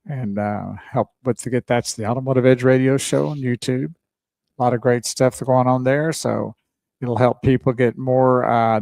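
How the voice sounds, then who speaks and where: A man's voice: medium pitch, a little mellow, dry recording. A man hosting a car radio show, talking in an easygoing, folksy way, thanking listeners and chatting with his co-host. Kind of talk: casual radio chat.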